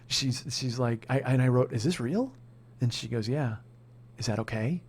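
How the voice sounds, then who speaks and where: A man in his forties hosting a comedy podcast, telling a long story in a casual, profane way that often climbs into shouted rants. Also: medium pitch, normal speed, breathy edge. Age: 40s. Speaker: podcast host.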